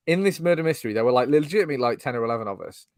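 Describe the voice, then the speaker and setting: A man's voice: mid-range voice, expressive, rapid-fire, darkish tone, no room sound, clean studio sound. A man co-hosting a casual podcast, telling rambling stories and laughing often. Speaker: podcast host.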